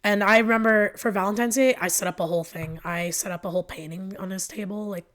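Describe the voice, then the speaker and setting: A young woman, a podcast guest, telling a personal story with lots of fillers and quoted back-and-forth, emotional and animated. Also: mid-range voice, fast. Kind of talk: candid storytelling.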